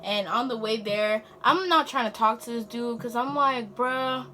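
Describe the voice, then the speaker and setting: A teenage girl vlogger telling a storytime in an animated, slangy way. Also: on the high side, normal speed, a little hiss or hum. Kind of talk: storytime vlog.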